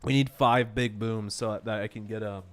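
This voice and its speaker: A man's voice: fairly low pitch, fairly even intonation, moderate pace, clear, resonant tone. A young man streaming a game, rambling and swearing with mock exasperation, nose running from allergies. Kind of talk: casual game stream chatter.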